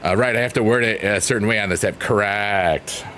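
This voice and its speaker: A man's voice: lowish voice, a little fast. A man casually chatting on a livestream, reading out chat messages in a rambling, playful, teasing way. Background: faint piano music.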